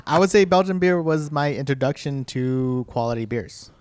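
A man with a mid-pitched voice co-hosts a casual beer podcast. He rambles through his thoughts, full of fillers and restarts. The recording is close and dry. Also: lively intonation, normal speed, a little mellow, clean tone, no echo. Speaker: podcast co-host. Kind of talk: casual beer-tasting chat.

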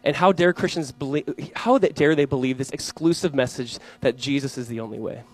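Fast, lively young man preaching. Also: mid-range voice, soft background music, rough recording. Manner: animated storyteller, acting out voices in anecdotes. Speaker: pastor. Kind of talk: sermon.

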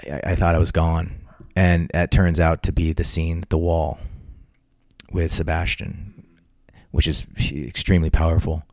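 Interview guest, man, low voice, rambles and restarts, dead-dry recording. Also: little pitch movement, normal speed, a little mellow, no echo. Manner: rambling, frequent restarts and repeated words. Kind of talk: casual anecdotal storytelling.

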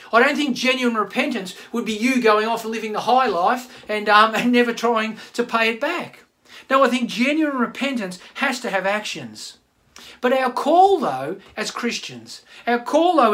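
A pastor giving a sermon, asking the congregation rhetorical questions. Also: mid-range voice. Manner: animated preaching with rhetorical questions.

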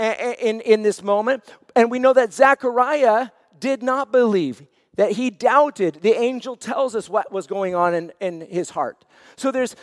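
A man's voice: very high voice, no room sound, clean studio sound, big-room sound. A man preaching a sermon as senior pastor, earnest and repeating phrases for emphasis.

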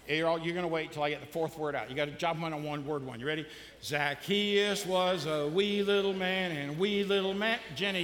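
A man's voice: on the high side, bright, forceful tone, slight background noise. A male pastor preaching a sermon in a casual, joking way, quizzing the congregation as he goes. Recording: long reverb of a large hall.

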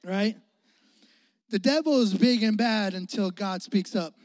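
A young male preacher from the Chicago area with a high voice, telling a story in an animated, joking way and talking straight to his audience. The recording is close and dry. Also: moderate pace, no room sound. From Chicago area, United States. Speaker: youth preacher. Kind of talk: storytelling sermon.

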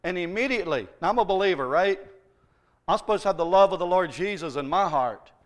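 A middle-aged male pastor delivers a sermon in a high voice. He tells stories from his week with humour and pushes his points with lively emphasis. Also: fast talker. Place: church.

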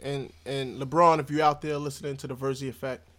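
A man's voice: medium pitch, little pitch movement, brisk, a bit bright. A man who is a guest comedian on a podcast, chatting casually and throwing in playful jokes. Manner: joking, playful asides.

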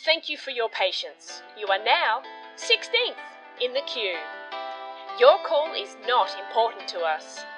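A woman voicing a deadpan, polished phone hold-message announcer. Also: on the high side, measured pace, low-quality recording. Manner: polished, deadpan advert delivery. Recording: hold-message audio over guitar music.

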